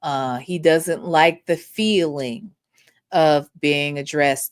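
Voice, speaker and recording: A woman's voice: low-pitched, lively intonation, slow, no room sound, studio quality. A woman hosting a casual commentary livestream and reading chat comments, emphatic and profane, tagging lines with "okay?". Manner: emphatic and repetitive, profane, keeps adding "okay?". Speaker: host.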